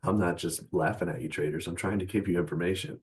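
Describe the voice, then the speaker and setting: A man's voice: low voice, steady tone, fast, low-quality recording. A man hosting a trading channel, giving a mocking, profane rant to his viewers, laughing at his own jabs and calling them traders again and again.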